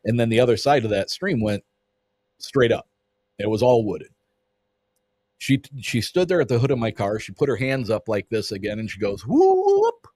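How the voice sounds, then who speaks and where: A man with a husky, fairly low voice tells a story to a podcast host in a loose, vivid way. He swears freely and acts out what others said. The sound is dry and close, with no room around it. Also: normal speed, long pauses, a little mellow, no room sound. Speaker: podcast guest. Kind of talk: casual storytelling.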